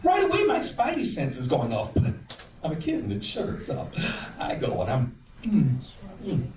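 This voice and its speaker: A lively stand-up comedian from the American South tells stories on a comedy club stage, animatedly acting out voices and singing bits. His voice is fairly high and at normal speed, with a little hiss or hum, and the recording has a roomy, distant club sound.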